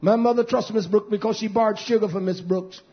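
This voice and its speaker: A middle-aged man preaching a fiery sermon, scolding, dropping to low mutters and whispers, then rising into loud outbursts. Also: steady tone, brisk. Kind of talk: fiery street-style sermon. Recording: muffled lo-fi recording.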